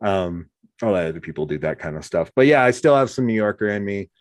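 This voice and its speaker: Animated storytelling man, low voice. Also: fast, no echo, clean studio sound. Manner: animated storyteller, acts out quotes. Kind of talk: casual conversation.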